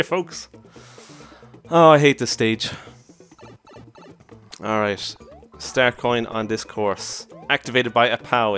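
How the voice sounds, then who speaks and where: Excitable man with a lively voice. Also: mid-range voice. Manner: excitable, exclaiming and laughing at mishaps. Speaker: let's play commentator. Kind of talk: casual gameplay commentary.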